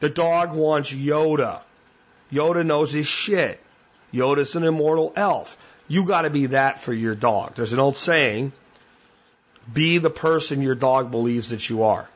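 Blunt, husky-voiced male podcast host. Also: a little high, unhurried, highs cut off. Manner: blunt, plainspoken, repeats key points. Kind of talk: solo podcast talk.

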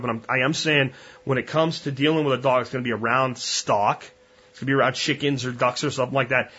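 A man's voice: mid-range voice, fairly bright tone, muffled recording. A man hosting a podcast, talking bluntly and conversationally with frequent restarts. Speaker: podcast host. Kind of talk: casual monologue.

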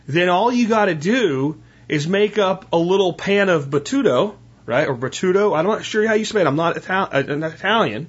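A man's voice: fairly high pitch, slightly rough, dull audio. A man talking casually about home cooking, folksy and rambling, speaking straight to his listeners.

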